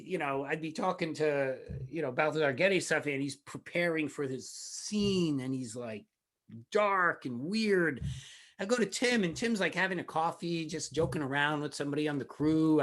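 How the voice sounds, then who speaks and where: A man's voice: mid-range voice, a bit bright. Man in his sixties telling stories. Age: 60s. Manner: anecdotal, acts out quoted dialogue. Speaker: film director, guest. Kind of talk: relaxed interview storytelling.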